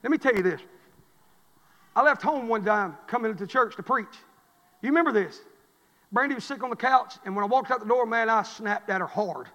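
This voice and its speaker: A middle-aged man, a pastor preaching a sermon, swinging between fervent, rising exhortation and quiet storytelling. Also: high-pitched, fairly quick, pauses often, in a large hall. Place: church.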